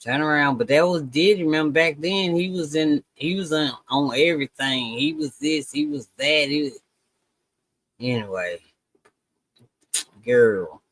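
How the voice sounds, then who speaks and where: A woman's voice: deep voice, lively intonation, a little slow, pauses often. A woman co-hosting a live stream, chatting casually and drawling "girl" and "y'all". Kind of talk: casual chat.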